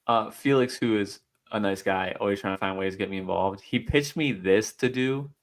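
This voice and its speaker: A man with a lowish voice, trading jokes on a casual sports podcast. He talks in an offhand, easygoing way, shrugging things off with a laugh. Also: moderate pace. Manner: joking and offhand. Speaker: podcast co-host. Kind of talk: casual chat.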